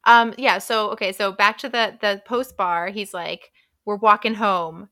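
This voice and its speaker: A woman's voice: medium pitch, normal speed, sharp tone. A woman co-hosting a casual book podcast, recapping with wry jokes and laughing at her own lines. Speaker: podcast co-host.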